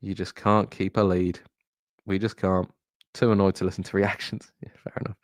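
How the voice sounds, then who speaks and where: A young man with a hoarse, fairly low voice reacts live to a football result, sounding deflated and halting as he repeats himself. He speaks close to a desk mic in a dry, dead room. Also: level tone, dry recording. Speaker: football fan streamer.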